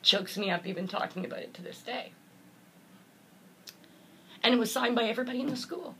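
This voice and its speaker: A woman's voice: a little high, fairly quick, bright, forceful tone, slight background noise. A woman motivational speaker, earnest and heartfelt, telling a personal story in an interview and acting out the voices of the people in it.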